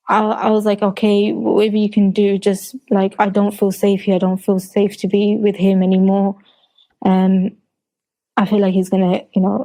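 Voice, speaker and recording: Hesitant soft-toned London woman. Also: medium pitch, low-quality recording. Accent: London English. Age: 30s. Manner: hesitant, many restarts and fillers; recounts quotes in a flat retelling voice. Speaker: guest. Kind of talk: personal testimony in an interview.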